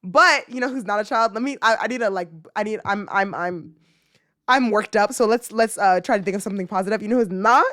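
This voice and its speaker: A woman in her twenties hosting a casual podcast, rambling emotionally and swinging from loud outbursts to low muttering. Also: fairly quick, no room sound, clean studio sound. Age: 20s. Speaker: podcast host. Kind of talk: casual ranting chat.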